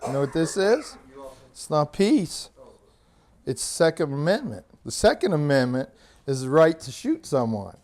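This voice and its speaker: A man's voice: a little high, sing-song, unhurried, darkish tone. A man hosting his channel, casually retelling funny clips and laughing at his own stories. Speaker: minister and channel host. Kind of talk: casual storytelling chat.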